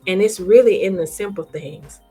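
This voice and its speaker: A woman hosting an inspirational talk, speaking gently and encouragingly straight to her listeners. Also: medium pitch, moderate pace, breathy edge, faint music behind. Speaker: host.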